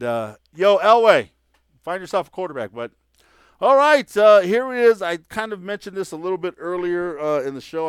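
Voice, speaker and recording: A man's voice: fairly high pitch, fairly bright tone, clean tone, no echo, clean studio sound. A man hosting a sports podcast, talking casually and full of opinions, with frequent "uh" fillers. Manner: chatty, opinionated, with many fillers. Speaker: podcast host.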